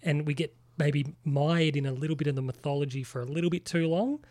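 Aussie bloke raving about films, bit higher voice, dead dry close sound. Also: male voice, fairly quick, a little mellow, dry recording. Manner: enthusiastic, opinionated about films. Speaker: podcast co-host. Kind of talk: casual film review chat.

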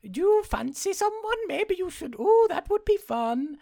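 A podcast host putting on a creepy, nosy female neighbor who pries in a high, teasing sing-song. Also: big pitch swings, vocal fry, dark tone, heavily acted. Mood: prying. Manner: high, teasing, drawn-out delivery.

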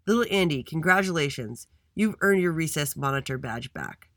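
A man's voice: a little high, expressive, normal speed, a bit bright, no room sound, studio quality. A man playing a stern school principal. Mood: firm. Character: stern but fair female school principal.

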